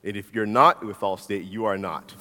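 Fairly low in pitch, pushed and bright, the pastor preaches at a moderate pace in a conversational style, repeating his questions frequently. Long hall reverb colors the recording, and his handheld mic is swapped partway through.

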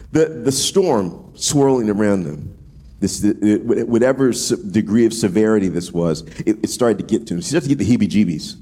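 A man preaching a casual sermon, animated and slangy, acting out voices as he goes. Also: fairly low pitch, breathy edge. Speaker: pastor.

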